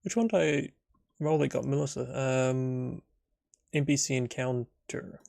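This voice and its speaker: A man's voice: mid-range voice, fairly even intonation, a little slow, vocal fry, darkish tone, no echo, clean studio sound. A young adult man narrating a solo tabletop role-playing session as game master, rambling with many fillers.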